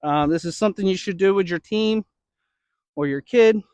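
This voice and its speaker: Baseball coach demoing drills: a high-voiced man, slightly winded, checking in with "okay?" and "right?", in a dry, close recording. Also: moderate pace, a little mellow, clear, resonant tone, no room sound. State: slightly out of breath. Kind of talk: instructional demo.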